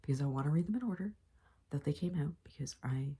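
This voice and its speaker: A woman's voice: lively intonation, quick pace, warm tone. A young woman rambling and gushing about a book she is reading, with lots of filler words, in a casual home vlog. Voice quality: low, creaky and husky. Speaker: booktuber.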